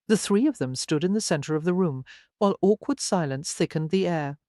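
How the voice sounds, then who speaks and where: An audiobook narrator reading a romance novel in a measured, even way. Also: medium pitch, dry recording, clean studio sound. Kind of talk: scripted narration.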